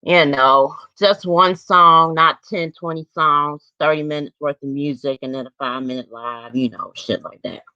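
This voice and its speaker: A woman's voice: low-pitched, steady tone, normal speed, hardly any pauses, sharp tone, no room sound. A woman in her forties hosting her own livestream, talking bluntly and profanely in a drawling, casual way. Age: 40s. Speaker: livestream host. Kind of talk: casual live-stream chat. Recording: dry, slightly dull lo-fi stream audio.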